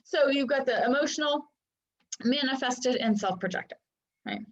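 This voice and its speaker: A woman's voice: high voice, expressive, normal speed. A woman coach teaching in a casual, chatty way and often checking in with listeners. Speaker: Human Design coach. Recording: dull lo-fi sound.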